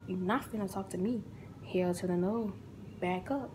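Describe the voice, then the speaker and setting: Young adult woman, casual storytime vlog, animated, acts out each character. Faint noise. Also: medium pitch, moderate pace.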